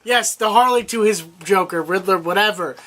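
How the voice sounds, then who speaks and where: A man co-hosting a podcast, recapping a TV episode in casual chat, cutting in with quick laughs and casual swearing. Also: sits high, background noise. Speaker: podcast co-host.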